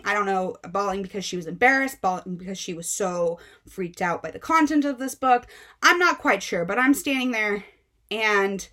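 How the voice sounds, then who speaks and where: A young woman book vlogger retelling a story in a casual, animated, exasperated way with many fillers. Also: medium pitch, a little slow.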